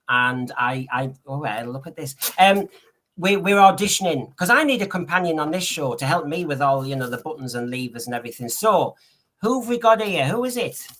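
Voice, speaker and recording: A man hosting a fan podcast, joking and animated, often exasperated. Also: a little high. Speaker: podcast host. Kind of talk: comic fan podcast chat.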